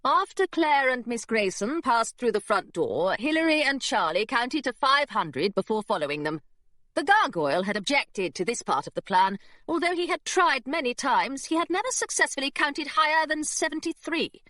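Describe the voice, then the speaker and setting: Lively female audiobook narrator. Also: sits high, moderate pace, no room sound. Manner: expressive storytelling. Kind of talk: scripted narration.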